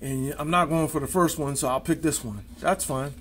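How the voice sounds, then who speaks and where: A man's voice: a little high, normal speed, a little hiss or hum. A man demonstrating card tricks, talking casually and counting and spelling aloud as he deals. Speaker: amateur magician.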